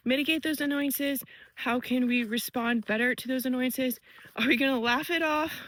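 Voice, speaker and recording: A woman vlogs into her phone while walking briskly along a wooded trail, a little out of breath. She talks in a chatty, reflective way, with a fairly high voice. The sound is dry and close. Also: no room sound, rough recording. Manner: chatty, reflective, laughs easily. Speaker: vlogger. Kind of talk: walking vlog musing.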